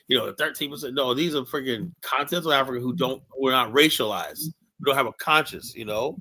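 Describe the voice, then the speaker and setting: A man's voice: mid-range voice, quick pace, bright, forceful tone, poor audio. A man hosting a livestream talk show, blunt and emphatic, often profane, telling anecdotes with quoted dialogue. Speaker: livestream host. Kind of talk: casual opinionated talk show. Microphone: online stream mic.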